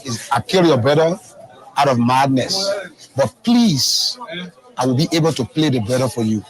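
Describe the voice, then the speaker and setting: A man's voice: mid-range voice, lively intonation, moderate pace, crowd noise, low-quality recording. A man giving a remorseful, pleading testimony as a former fighter. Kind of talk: emotional testimony.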